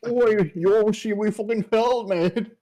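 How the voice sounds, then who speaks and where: A man voicing a cocky young player character in a put-on British accent, brash and shouty. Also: high voice, slow, pitched above the performer's own voice.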